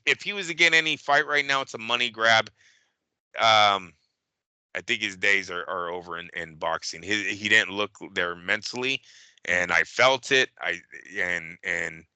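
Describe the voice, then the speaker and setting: A man co-hosting a casual boxing talk show, animated and profane, acting out fight-night scenes. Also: fairly low pitch, normal speed, clear, resonant tone, no room sound.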